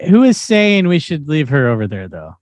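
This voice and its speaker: A man's voice: on the high side, sing-song, normal speed, darkish tone. A man bantering casually as a podcast co-host, laid-back, calling people dude.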